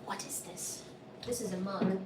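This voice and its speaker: A woman's voice: mid-range voice, fairly even intonation, unhurried, heavy background noise. A woman cooing in affectionate baby talk to her cats at home, laughing often while doing the dishes in her kitchen. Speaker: cat owner and channel host. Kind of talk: casual chat and baby talk to pets.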